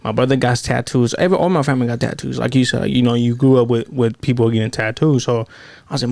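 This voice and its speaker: Fast-talking gravelly male podcast host. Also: medium pitch, darkish tone, no echo. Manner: slangy, swears freely, acts out quoted lines in bursts. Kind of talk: casual storytelling chat.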